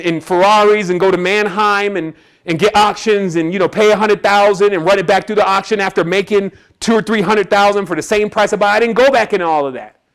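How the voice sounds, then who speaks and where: High-voiced man telling a personal story. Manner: casual and streetwise, acts out quoted voices. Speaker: spiritual presenter. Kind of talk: personal storytelling talk to an audience.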